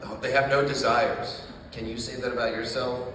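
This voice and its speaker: A man doing a stand-up set in a small coffee shop, telling dark jokes in a deadpan way with plenty of swearing. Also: medium pitch, normal speed, heavy reverb, in a large hall, far from the mic, background noise. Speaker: stand-up comedian.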